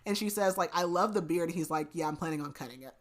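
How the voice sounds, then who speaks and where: A woman's voice: on the low side, very animated, brisk. A woman hosting a podcast, casually retelling a book's plot with lots of "like" and "basically", adding laughing asides. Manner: chatty retelling, heavy use of "like" and "basically". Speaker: podcast host. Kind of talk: casual book recap.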